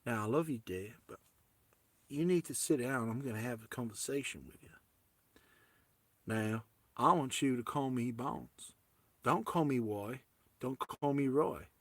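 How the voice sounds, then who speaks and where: A man's voice: medium pitch, normal speed, pauses often, no room sound, pitched below the performer's own voice, natural voice. A man doing a drawling Southern US sweetheart. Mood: doting, insistent. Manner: insistent, affectionate.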